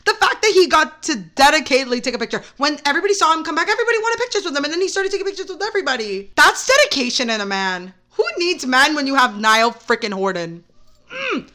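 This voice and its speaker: A young woman hosting a solo podcast, telling a story in an excitable, rambling way full of "like". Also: high-pitched, fast talker. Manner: rambling, excitable, heavy use of "like". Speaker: podcast host. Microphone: camera mic.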